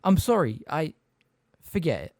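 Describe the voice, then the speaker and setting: An anxious, clever teenage girl, as a man reads her in an audiobook, hesitant and earnest. The voice is pitched well above his own and swings about, in a dry, close recording. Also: big pitch swings, measured pace, darkish tone, dry recording. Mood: nervous. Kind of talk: audiobook character reading.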